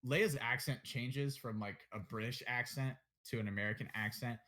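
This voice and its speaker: A man's voice: medium pitch, moderate pace, a bit bright. A young man co-hosting a casual podcast chat, blunt and opinionated, swearing and joking as he goes. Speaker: podcast co-host.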